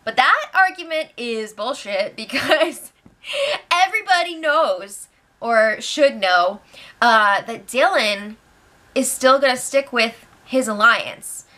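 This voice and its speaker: A woman's voice: a little high, lively intonation, slow, bright, forceful tone. A woman hosting a casual spoiler recap, chatty and opinionated, laughing often. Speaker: show recap host.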